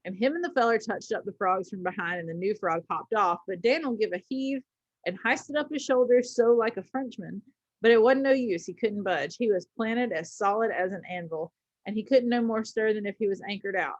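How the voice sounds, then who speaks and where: Teacher lady reading a story out loud, chatty asides, middle pitch, dry kinda dull audio. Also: moderate pace, no echo. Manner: reads with asides and small slips. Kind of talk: reading a story aloud to a class.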